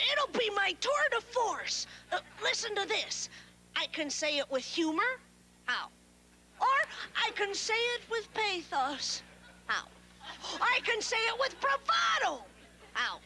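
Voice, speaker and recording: A woman's voice: very high voice, bright, forceful tone, a little hiss or hum, full character voice. A woman playing a self-important girl puppet who hams up every line. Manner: hammy, overdramatic. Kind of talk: puppet show acting.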